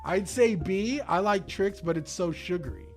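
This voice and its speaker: A young man streaming, chatting casually and excitably with his chat, full of slang, swearing and jokes. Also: sits high, moderate pace, faint music behind.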